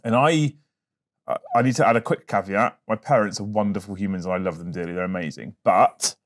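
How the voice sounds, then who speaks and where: A man hosting a podcast, telling stories in an animated, casual way and swearing freely. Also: on the low side, brisk. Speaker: podcast host. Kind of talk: casual chat.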